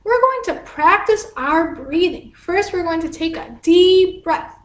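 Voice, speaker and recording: A woman with a very high, light voice leads small children through a class. She talks slowly and patiently in a sing-song way and explains each step simply. The sound is roomy, with her voice bouncing off the walls of a home space. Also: lively intonation. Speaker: children's dance teacher. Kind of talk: slow, gentle instruction for young children. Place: home room, livestreamed class. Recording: echoey room.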